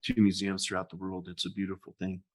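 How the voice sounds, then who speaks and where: A man speaking as a guest in a casual interview. He talks haltingly, repeats his words and laughs easily. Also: low voice, monotone. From United States. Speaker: gallery owner, guest.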